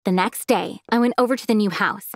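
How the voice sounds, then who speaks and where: A woman narrating a first-person animated story as a teenage girl, expressive and lively in delivery. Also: medium pitch, fairly quick, vocal fry, noisy background. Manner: expressive, acts out a teenage girl's feelings.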